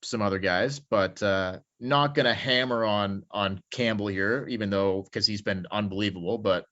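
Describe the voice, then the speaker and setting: A man's voice: lowish voice, moderate pace, bright, forceful tone. A man co-hosting a hockey podcast in loose, rambling casual chat, swearing freely. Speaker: podcast co-host. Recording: slightly dull lo-fi audio.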